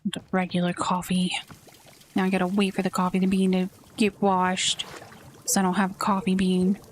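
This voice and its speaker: A woman's voice: mid-range voice, completely flat delivery, moderate pace, slight background noise. A woman streamer giving casual, chatty let's play commentary and grumbling to herself. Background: game music.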